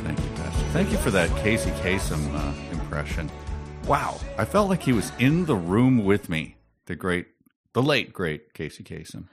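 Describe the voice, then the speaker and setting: A man's voice: sits low, very animated, music in the background. A man co-hosting a podcast who teases his partner and jokes in a casual chat. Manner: teasing, quick with jokes. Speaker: podcast co-host.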